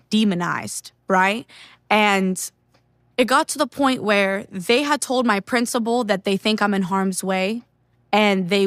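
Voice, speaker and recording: A woman's voice: medium pitch, a bit bright, no echo, studio quality. Earnest young woman telling her testimony. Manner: earnest, candid, heavy use of "like" and "you know". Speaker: speaker sharing a faith testimony. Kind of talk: personal testimony storytelling.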